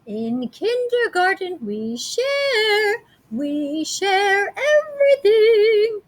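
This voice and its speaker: A woman voicing a bossy, cheerful kindergarten teacher who talks slowly and emphatically. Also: very high-pitched, big pitch swings, voice pushed up, exaggerated voice. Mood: lecturing. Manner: slow, sing-song, emphatic.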